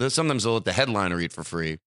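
A man ranting in casual podcast chat, his voice bright and forceful. He jumps between loud, pitched-up bursts and low grumbled asides, heard close on a dry studio mic with no room sound. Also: expressive, fast talker, clean tone, no room sound. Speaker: podcast host.

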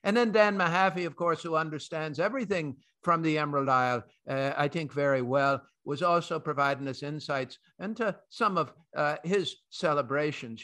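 Bright-voiced jovial male radio host. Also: on the high side, moderate pace, few pauses. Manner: chatty, jovial, many fillers and restarts. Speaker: host and chief market strategist. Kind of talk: financial radio talk.

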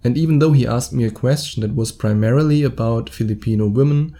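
Hosting his podcast solo, a German-accented man in his thirties chats away in a very dark, mellow, mid-pitched voice. He talks fast and laughs softly at his own slip-ups.

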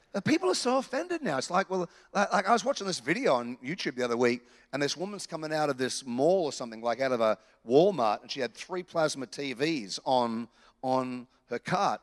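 A man with an Australian accent, preaching a sermon in an animated, conversational way with touches of humor. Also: mid-range voice. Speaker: pastor. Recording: reverberant church hall.

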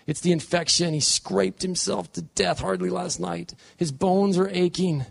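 Gravelly high-voiced male preacher. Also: fairly even intonation, unhurried. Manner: intense, dramatic retelling. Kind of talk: sermon, vivid storytelling.

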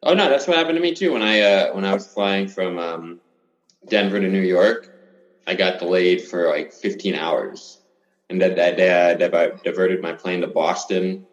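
A young man as a podcast guest, laid-back and slangy, swearing casually in relaxed chat. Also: low-pitched, moderate pace, roomy sound, muffled recording.

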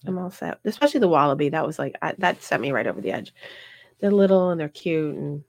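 A woman hosting a casual talk show, chatting and telling travel stories in an animated way. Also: deep voice, quick pace. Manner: chatty, animated storytelling with frequent laughs. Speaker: podcast host. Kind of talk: casual chat.

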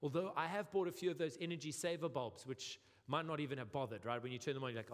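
A young man with a South African accent delivers a sermon with a slightly high voice, lively and humorous, often acting out the voices he quotes. His voice rings out with the long reverb of a church hall. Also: fast. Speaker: pastor.

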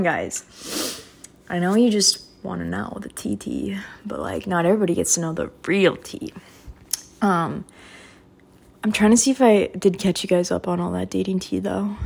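A woman's voice: medium pitch, gravelly, husky. A young woman hosting her own podcast, chatting casually in a rambling, apologetic way full of fillers. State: out of breath after stairs. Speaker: podcast host. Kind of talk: casual solo podcast chat.

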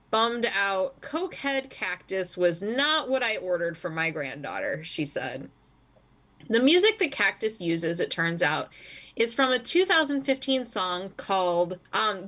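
A woman's voice: fairly high pitch, a bit bright. Wry woman co-hosting a podcast. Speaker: podcast co-host. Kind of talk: casual chat and reading news stories.

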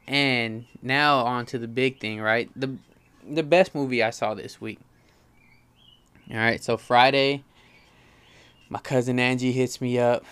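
A young man casually reviewing movies in a slangy, animated way, swearing freely. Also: mid-range voice, clear, resonant tone. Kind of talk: casual profane chat.

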